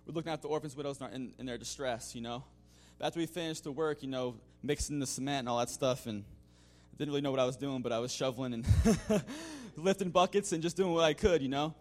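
A man's voice: medium pitch, quick pace, darkish tone. A man giving a spoken testimony to his congregation in a loose, conversational way, full of "you know" fillers, restarts and the odd chuckle. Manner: chuckles now and then. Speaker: church member giving a mission-trip testimony.

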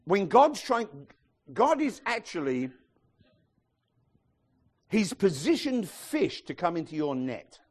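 A man preaching a sermon to his congregation, animated and sometimes shouting as he acts out the people in his stories. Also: high voice, takes it slowly, pauses often. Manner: animated, acts out quoted voices, some shouting.

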